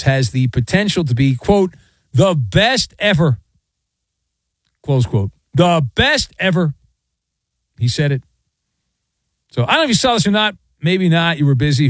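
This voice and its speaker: A man's voice: a little high, dry recording. A man hosting a sports talk show, riffing playfully with sarcastic asides.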